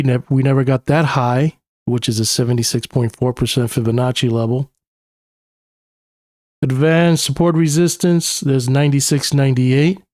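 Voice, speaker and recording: A man's voice: mid-range voice, a little mellow, no echo, studio quality. A young man with a New York accent talks casually through market charts as a technical analyst, thinking aloud with plenty of uhs and you-knows. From New York City. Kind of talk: screen-share chart analysis.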